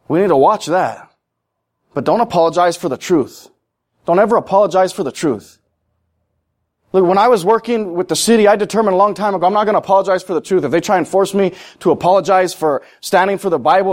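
A man preaching a sermon in a high voice. He talks plainly and repeats his points for stress. His delivery climbs to loud, emphatic peaks.

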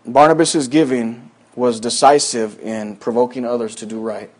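A man's voice: mid-range voice, fairly even intonation, normal speed. A man preaching a sermon, telling a personal story in a folksy, rambling way with many fillers, in a church. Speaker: pastor.

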